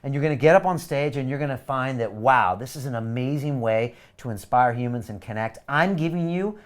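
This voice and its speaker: At medium pitch and a fairly quick clip, a man hosting a live webinar hard-sells a course. His delivery is urgent, emphatic, energetic and pushy as he drives viewers to sign up.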